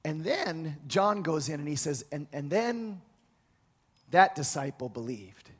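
A man preaching a sermon, retelling a scripture story with lively acted-out quotes and frequent restarts. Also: fairly high pitch, unhurried, slightly rough. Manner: animated storytelling, acts out quoted voices, many restarts.

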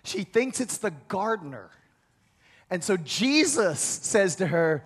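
A man preaching a sermon, retelling a scripture story with lively acted-out quotes and frequent restarts. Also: high voice, takes it slowly, slightly rough. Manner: animated storytelling, acts out quoted voices, many restarts.

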